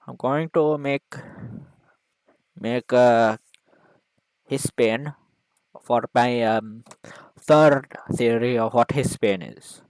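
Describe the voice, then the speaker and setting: A man giving a mock lecture in a video, rambling and hesitant, full of fillers, deadpan, with broken grammar. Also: medium pitch, very slow, pauses often, smooth, no room sound, rough recording. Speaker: video maker.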